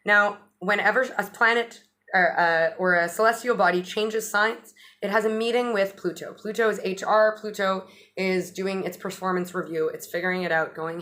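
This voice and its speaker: A woman's voice: mid-range voice, steady tone, moderate pace, fairly bright tone. A woman giving a casual astrology update, chatty and loose, restarting phrases and swearing now and then. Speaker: astrologer vlogger.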